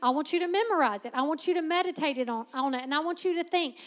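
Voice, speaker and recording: A woman with a high, bright-pitched voice preaches a sermon, moving between teaching and playful, laughing asides. Her voice rings out with a long reverb, as if in a big church hall. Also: fast talker, few pauses.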